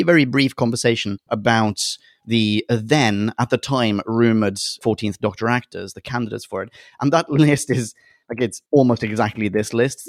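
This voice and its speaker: A man's voice: mid-range voice, no echo, studio quality. A man co-hosting a casual podcast chat, talking with bubbly, jokey enthusiasm and rambling asides. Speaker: podcast co-host.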